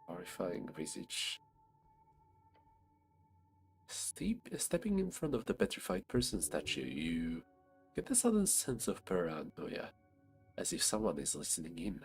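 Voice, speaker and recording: A man's voice: deep voice, huge pitch swings, measured pace, pauses often, soft background music. A man streaming a game, reading its narration and making casual asides.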